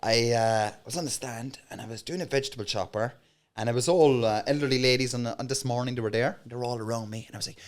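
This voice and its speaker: A man's voice: mid-range voice, quick pace. A man with an Irish accent, a comedian guest telling stories in a casual podcast interview. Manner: animated storyteller, acts out voices.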